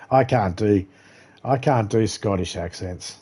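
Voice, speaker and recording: A man's voice: fairly low pitch, normal speed, dark tone, slightly rough. A man with an Australian accent, a gaming streamer ranting casually on a live stream and swearing freely. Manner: ranting, swears freely, laughs at his own jokes. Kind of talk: casual rambling chat while live gaming.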